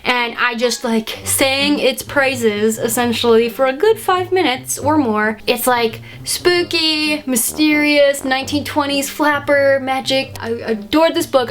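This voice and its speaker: A woman chatting casually about books in a review vlog, slangy and playful, with lots of "like" fillers. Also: high voice. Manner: chatty and slangy, with frequent likes and playful asides. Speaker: book vlogger. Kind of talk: casual book review chat.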